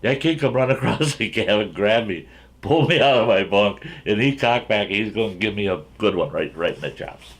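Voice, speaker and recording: A man's voice: lowish voice, expressive, moderate pace, slightly rough. A man hosting his own channel, telling a folksy, rambling story from his younger days and often chuckling as he goes.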